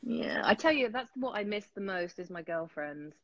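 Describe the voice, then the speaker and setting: A woman's voice: mid-range voice, lively intonation, normal speed, fairly bright tone. A woman in her thirties, chatting frankly and wryly on a live stream. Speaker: actress and live stream co-host. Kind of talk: casual chat on a live stream.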